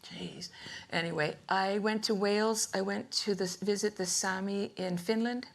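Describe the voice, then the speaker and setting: An older woman giving a rambling, humorous artist lecture to a live museum audience, chatty and quick to laugh. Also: medium pitch, steady tone, vocal fry. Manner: chatty, laughs often, self-interrupting. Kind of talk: rambling humorous storytelling talk.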